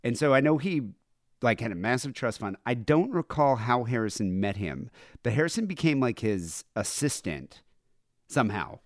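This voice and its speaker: A man's voice: medium pitch, sing-song, normal speed, no echo, studio quality. A man hosting a casual podcast, rambling and laughing, with a nasal voice. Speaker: podcast host. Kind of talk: casual chat playing old clips.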